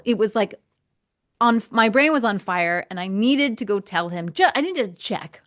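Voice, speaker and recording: A woman hosting a podcast, telling a personal story in a casual, animated way and acting out the voices in it. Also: medium pitch. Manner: animated, acts out quoted voices, laughs often. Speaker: podcast host.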